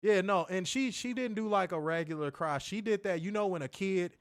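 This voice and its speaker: A man co-hosting a casual streamed chat, telling stories in an animated, profane way with loud bursts. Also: sits high, normal speed, no room sound, studio quality. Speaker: co-host of a wrestling review show.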